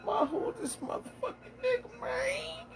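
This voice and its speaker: A man voicing a startled young boy in a squeaky falsetto, loud and suspicious of a stranger. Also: very animated, normal speed, music in the background.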